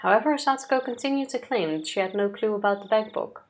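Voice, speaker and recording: A woman reads a visual novel's story text aloud for a let's play, at a steady and even pace. Her pitch sits in the middle of the range, and she breaks off now and then for casual asides. A faint hiss runs underneath her voice. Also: quick pace. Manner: steady, even reading pace with occasional yawns. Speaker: let's play co-host reading the game text.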